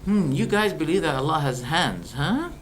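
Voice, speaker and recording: High-voiced man preaching with animated questions. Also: normal speed, a little hiss or hum. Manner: animated and rhetorical, firing questions and acting out exchanges. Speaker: Islamic preacher. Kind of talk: religious lecture.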